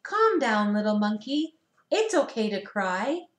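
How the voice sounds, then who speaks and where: Teacher lady reading storybooks to little kids, sing-songy, kinda high voice, roomy echo. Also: big pitch swings, unhurried. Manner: gentle, sing-song, asks children questions. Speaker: preschool teacher reading picture books. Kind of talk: storybook read-aloud for young children.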